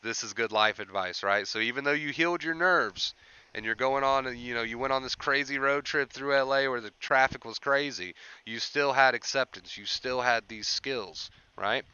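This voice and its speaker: A man's voice: medium pitch, normal speed, sharp tone, smooth, no room sound, highs cut off. A young man hosting a casual livestream, encouraging viewers about anxiety recovery and reading chat aloud.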